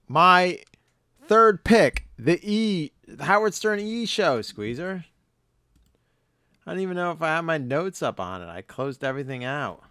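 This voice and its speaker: A hoarse man hosting a podcast, chatting casually in a rambling, jokey way with some swearing. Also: mid-range voice, pushed and bright, no room sound, studio quality. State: hoarse, voice nearly gone. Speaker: podcast host.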